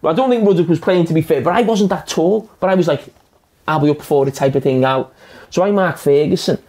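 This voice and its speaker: A man's voice: fairly high pitch, fast, a little mellow. A man, a former centre-back, recounting a match story in a matter-of-fact, self-deprecating way. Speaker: former footballer. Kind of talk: storytelling anecdote.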